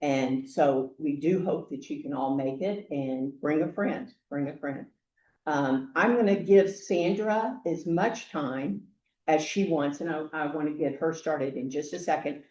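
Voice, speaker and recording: An older woman, a grandmother, hosting a group meeting with chatty, halting welcome remarks. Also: low voice, darkish tone, echoey room, highs cut off. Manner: chatty, halting, with many fillers. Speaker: meeting host. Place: meeting room.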